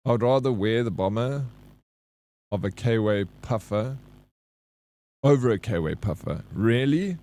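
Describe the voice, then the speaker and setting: A man with a Johannesburg South African accent chats casually to his live-stream audience. His voice sits at an ordinary mid pitch, and he keeps a laid-back, friendly back-and-forth with the viewers as he reads their messages aloud. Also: animated, takes it slowly, long pauses, dark tone, dry recording. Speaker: game streamer.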